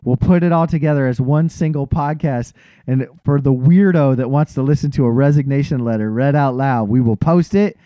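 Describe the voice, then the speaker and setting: A man's voice: medium pitch, a little fast, hardly any pauses, clean tone, dry recording, lo-fi sound. Laid-back podcast host, man. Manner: laid-back, swears casually, stumbles and restarts. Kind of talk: casual chat.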